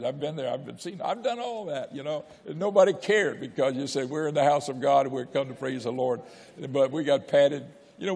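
Older preacher in a reverberant church. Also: male voice, medium pitch, creaky, a little mellow, husky. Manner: folksy storytelling, exhorting with repetition. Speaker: pastor. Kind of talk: sermon.

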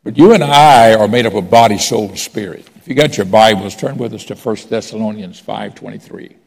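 A man's voice: lowish voice, brisk, vocal fry, long reverb tail. A man preaching a sermon from the pulpit in a conversational way, asking the congregation questions and telling stories. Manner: conversational preaching, asks congregation for raised hands. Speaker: pastor.

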